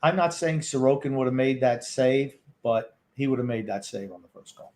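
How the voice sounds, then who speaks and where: A man's voice: medium pitch, moderate pace, a little mellow. A man co-hosting a hockey watchalong podcast, making dry, wry remarks about the game. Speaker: podcast co-host. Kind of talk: casual sports commentary.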